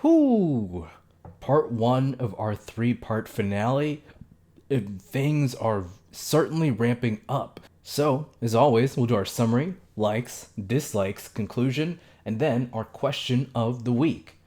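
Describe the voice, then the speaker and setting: A young man talks through an episode recap in a loose, chatty way, stumbling and correcting himself as he goes. His voice sits at an ordinary middle pitch, and he slips into quick impressions of the characters. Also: animated, dark tone. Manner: chatty, many fillers and self-corrections; mimics characters' lines in quick asides. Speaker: show reviewer.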